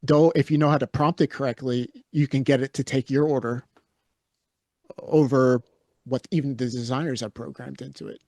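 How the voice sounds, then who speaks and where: A man's voice: medium pitch, fairly even intonation, moderate pace, darkish tone. A man co-hosting a podcast in casual, unscripted chat, with a mid-range voice. He tells his stories bluntly and gives strong opinions. The sound is dry, with almost no room echo. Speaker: podcast co-host.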